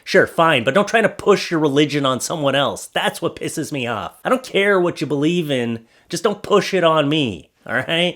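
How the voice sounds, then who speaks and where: A young adult man hosting a commentary show, reading posts aloud and mocking them sarcastically, swearing freely and breaking into loud rants. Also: fairly high pitch, lively intonation, moderate pace, hardly any pauses. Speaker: commentary host.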